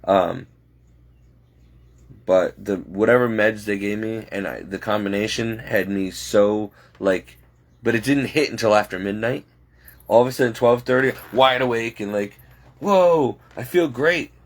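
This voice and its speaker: A man's voice: on the low side, fairly even intonation, measured pace. A man, a home caregiver, rambling and exasperated as he vents in a late-night vlog. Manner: talking to himself, restless and frustrated.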